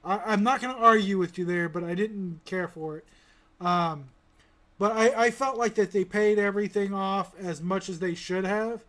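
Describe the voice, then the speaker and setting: A man with a notably high voice, hosting a loose review podcast. He rambles, restarts his sentences and swears casually as he goes. He grew up in the American South. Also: moderate pace, fairly bright tone. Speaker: podcast host. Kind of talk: casual pop-culture review chat.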